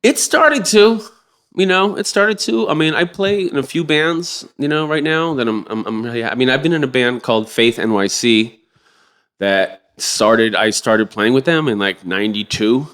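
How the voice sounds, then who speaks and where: Middle-aged man, drummer guest, casual storytelling, acts out quotes in higher voice, swears. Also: normal speed, a bit bright, clean tone. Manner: acts out quotes with jumps in pitch, swears freely.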